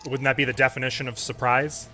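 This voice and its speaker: A man's voice: mid-range voice, level tone, fast, pushed and bright, faint music behind. A man acting as game master, patiently explaining the rules to his players. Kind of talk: running a tabletop game.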